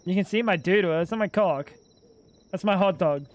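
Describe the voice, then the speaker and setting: A man's voice: high-pitched, moderate pace. A young man streaming a game at home on a desk microphone, rambling and joking to his chat with plenty of swearing. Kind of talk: casual gaming stream commentary.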